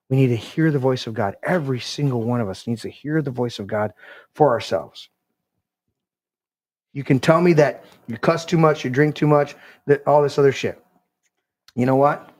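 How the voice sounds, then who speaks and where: A man's voice: medium pitch, normal speed. A male podcast host giving an impassioned, preachy rant on a live show. He swears freely and acts out quoted voices.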